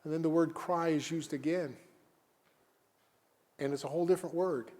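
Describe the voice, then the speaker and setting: A man preaching a sermon as a guest pastor, reading scripture and then talking plainly to the congregation, rising at times to shouted cries. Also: on the high side, fairly even intonation. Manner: reads scripture slowly, then talks conversationally and rises to shouted cries. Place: church sanctuary.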